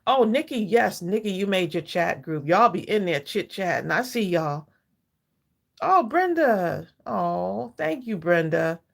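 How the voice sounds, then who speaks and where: A woman in her sixties runs a live craft stream, speaking at normal speed with hardly any pauses in a lowish, expressive voice touched by vocal fry. She chats warmly with viewers, greets them by name, and laughs often between thoughts.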